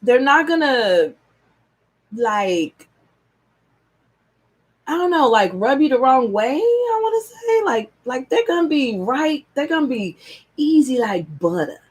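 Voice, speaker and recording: A woman reading tarot cards on a live stream, chatty and excitable, with casual slang. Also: sits high, takes it slowly, pauses often, breathy edge. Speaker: tarot reader.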